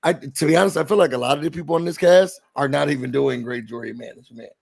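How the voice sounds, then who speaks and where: Gravelly, husky man chatting animatedly. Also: fairly high pitch, fast. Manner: animated, acts out quotes of others. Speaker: podcast host. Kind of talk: casual chat.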